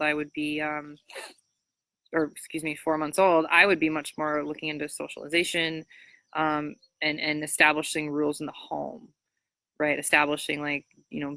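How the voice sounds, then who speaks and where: A woman dog trainer from Minnesota giving casual, chatty training advice, full of fillers, jumping up high when she imitates praising a dog. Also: gravelly, no room sound. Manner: chatty, frequent fillers, animated high-pitched voice when quoting praise to dogs.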